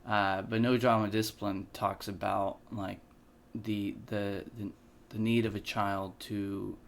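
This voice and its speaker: A man co-hosting a podcast, talking casually with many pauses and restarts. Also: fairly low pitch, level tone, vocal fry. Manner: hesitant, many fillers and restarts. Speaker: podcast co-host. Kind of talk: casual conversation.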